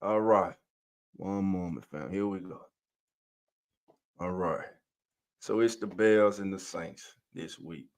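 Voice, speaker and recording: A man's voice: low voice, slow pace, long pauses. Hyped-up man hosting a sports live stream. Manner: hypes up and greets chat viewers by name; loose, energetic, calls listeners family and baby. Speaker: podcast host.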